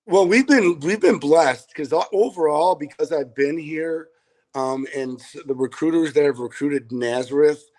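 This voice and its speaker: Earnest rambling football coach, middle-aged. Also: male voice, fairly high pitch, unhurried, a little mellow, rough recording. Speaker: high school football head coach. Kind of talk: remote interview answers.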